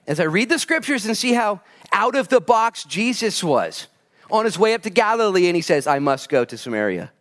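A man preaching a sermon in a conversational, storytelling way, moving between hushed asides and excited bursts. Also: sits high, moderate pace. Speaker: pastor.

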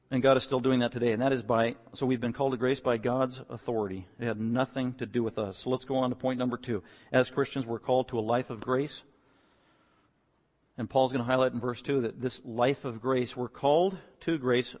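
A male pastor delivering a sermon in an emphatic, rising style, stacking phrase on phrase. His voice sits at an ordinary middle pitch. A long hall reverb trails every line. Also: fairly even intonation, fairly quick. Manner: emphatic, building to loud repeated declarations.

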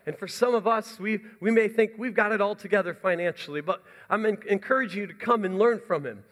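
A young man speaks as a pastor from the front of a church, running through announcements with eager, rambling energy. His voice sits high for a man, and it carries a long reverb from the large hall. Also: a little fast, a bit bright. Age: young adult. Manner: enthusiastic, chatty and rambling with restarts. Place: church sanctuary.

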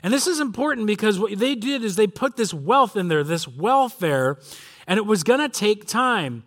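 A man's voice: sits high, animated, moderate pace, fairly bright tone. A male pastor preaching a sermon in an earnest, emphatic way, drawing out key phrases.

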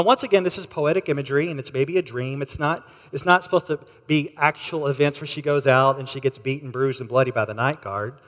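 A man preaching a sermon, telling a story with lively acted-out voices and asking the listeners questions. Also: a little high, in a large hall. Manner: animated storyteller, acts out voices. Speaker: pastor.

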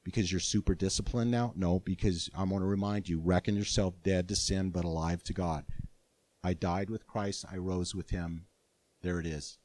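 An older man preaching a sermon as pastor, earnest and animated, with frequent restarts. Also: low-pitched, normal speed.

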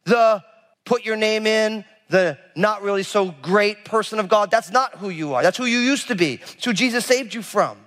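A man preaching a sermon as a pastor, animated and conversational, acting out the people in the story with casual asides. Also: high voice, normal speed, long reverb tail. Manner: animated, acts out biblical figures with casual asides.

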